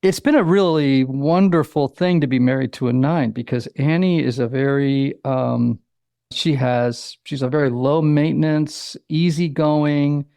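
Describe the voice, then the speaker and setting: A man in his sixties with a gravelly, slightly raised voice tells stories in a relaxed interview. He acts out little quotes and leans on "you know" as he talks, recorded close and dry with no room sound. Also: fairly high pitch, a little slow, dry recording. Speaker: author and psychotherapist, guest. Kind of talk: conversational interview.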